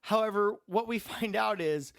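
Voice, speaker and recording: A man's voice: high-pitched, moderate pace, vocal fry, fairly bright tone, no room sound, clean studio sound. A man co-hosting a podcast, chatting casually about a horror film, chuckling and repeating his points for emphasis. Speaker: podcast co-host.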